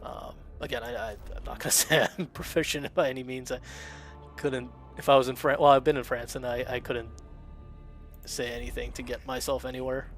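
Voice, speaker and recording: A man's voice: mid-range voice, fairly even intonation, a little fast, faint music behind. A man chatting casually on a game stream, rambling with lots of fillers and reading chat aloud. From Russian-speaking family, immigrated to America. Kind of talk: casual live-stream chat while gaming.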